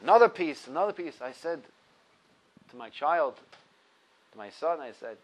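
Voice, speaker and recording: Man, 30s, high voice, teaching Torah with lively, emphatic storytelling. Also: normal speed, low-quality recording. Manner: laughs at his own stories. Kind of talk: explaining a religious text to a class.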